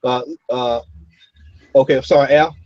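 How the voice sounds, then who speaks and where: A man hosting a casual comic-book roundtable, talking, animated, laughing and repeating his words. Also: mid-range voice, moderate pace, no room sound. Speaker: podcast host. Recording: dull lo-fi recording.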